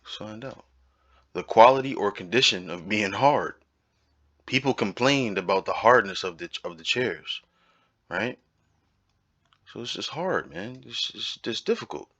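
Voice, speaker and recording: A man's voice: lowish voice, a little slow, long pauses, fairly bright tone, no room sound, lo-fi sound. A man giving an informal Bible teaching, talking emphatically and repeating his points, often checking in with "right?". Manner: emphatic, repetitive, keeps asking "right?".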